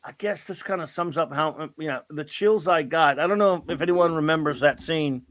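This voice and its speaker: A man's voice: a little high, fairly quick, a bit bright, dry recording. Eager middle-aged man telling a story. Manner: enthusiastic, rambling storytelling. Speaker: host. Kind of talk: casual chat.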